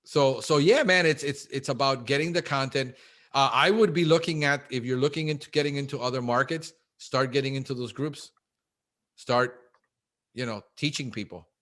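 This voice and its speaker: Animated man talking shop, says bro. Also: medium pitch. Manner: fast, animated, says "bro", acts out quotes. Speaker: guest, pest control business owner. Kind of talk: casual interview chat.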